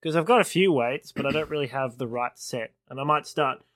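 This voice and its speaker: A man's voice: medium pitch, fairly bright tone, no echo. A man co-hosting a casual podcast, teasing his friend and rambling through his plans. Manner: teasing, rambling, quick with jokes. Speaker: podcast co-host. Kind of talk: casual chat.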